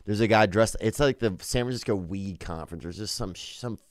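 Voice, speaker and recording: Brief: man, comedian guest or host, deep-ish voice, slangy and animated, dry studio sound. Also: a little fast, no room sound. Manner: animated, slangy, peppered with "bro" and "dude". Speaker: comedian on a podcast. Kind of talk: comedic storytelling in casual chat. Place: podcast studio.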